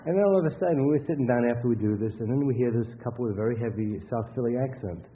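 A workshop lecturer, a man with a mid-range voice, races through a talk sprinkled with anecdotes, rambling conversationally and often restarting sentences. The audio sounds tinny and phone-like, with a faint hiss.

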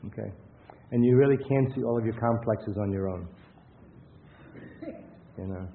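This man lectures at a workshop in a lowish voice at normal speed. He wanders through anecdotes conversationally, frequently starting sentences over, and the audio is thin and phone-like with light hiss.

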